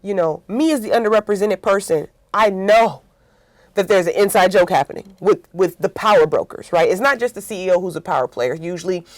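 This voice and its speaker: Animated woman with a dry close sound. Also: medium pitch, brisk, no echo. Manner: animated storytelling with acted-out quotes; frequent "right?" tags. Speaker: interview guest, workplace consultant. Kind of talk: conversational interview.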